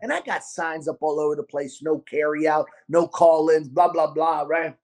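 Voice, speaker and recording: A man with a Baltimore accent, hosting a podcast and telling a restaurant story in a loud, profane, animated way. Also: a little high, moderate pace. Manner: animated, profane, acts out quotes. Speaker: podcast host, restaurant owner. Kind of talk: casual storytelling chat.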